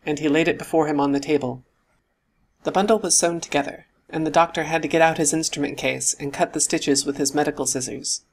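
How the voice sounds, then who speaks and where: Male audiobook narrator, steady and even delivery, scripted reading. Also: on the high side, brisk, gravelly.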